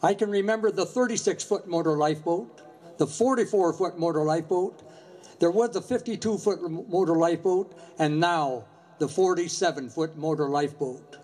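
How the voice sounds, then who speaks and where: A man's voice: a little high, darkish tone. Earnest older man giving a memorial speech. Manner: earnest, measured storytelling. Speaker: retired Coast Guard station commander.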